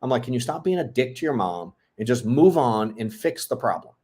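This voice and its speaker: A middle-aged man talks on a podcast in a blunt, profane, animated way. His voice sits at an ordinary mid pitch. He tells stories in a casual, unscripted style. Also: brisk, husky. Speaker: podcast co-host.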